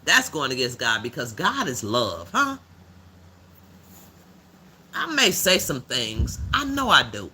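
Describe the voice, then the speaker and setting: A man voicing a blunt, rough-edged older woman who hosts a livestream and gives preachy commentary in a drawling, slang-filled way. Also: medium pitch, huge pitch swings, slow pace, pauses often, bright, forceful tone, slight background noise, heavily acted. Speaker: livestream host.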